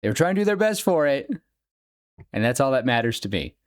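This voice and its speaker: A man's voice: mid-range voice, very animated, a little fast, clean tone, dry recording, studio quality. A young man hosting a podcast, rambling happily about a favourite film and laughing as he goes. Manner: gushing, rambling fan talk with laughs. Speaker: podcast host. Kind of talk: casual solo podcast commentary.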